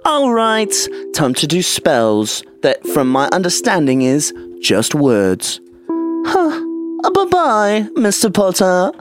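A man voicing a prim, smug know-it-all schoolgirl who speaks slowly and primly. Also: sits high, huge pitch swings, music in the background, voice pushed up, full character voice. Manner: slow, prissy, smug.

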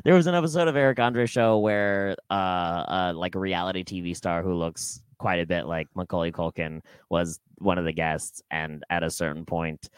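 A man co-hosting a comedy podcast, riffing in a deadpan, drawn-out way in casual chat. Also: low-pitched, smooth, no echo. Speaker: podcast co-host.

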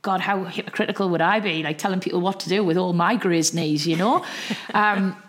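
A woman with a Geordie accent, chatting as an author guest in a casual interview, quick and full of "like". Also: lowish voice.

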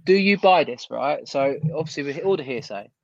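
A man's voice: fairly high pitch, lively intonation, fairly quick, creaky, darkish tone, no echo. A man in casual football chat, blunt and ranting, with some swearing. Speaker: football podcast co-host. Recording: dull lo-fi sound.

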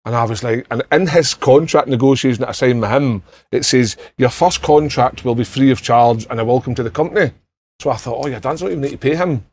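Fast-talking Scottish man telling stories. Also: mid-range voice, a little mellow. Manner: swearing, laughing anecdote teller, acts out others' lines. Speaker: podcast panellist. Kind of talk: casual storytelling chat.

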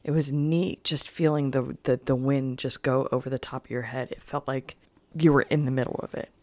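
A woman co-hosting a podcast, telling trip stories in an animated way and laughing often. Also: very deep voice, normal speed, dry recording. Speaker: podcast co-host. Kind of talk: casual chat.

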